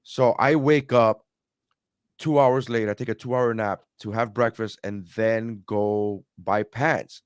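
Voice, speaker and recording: A man's voice: medium pitch, dry recording, clean studio sound. A man co-hosting a podcast, telling a long, rambling travel story with many restarts. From immigrant to America. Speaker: podcast co-host. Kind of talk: casual storytelling chat.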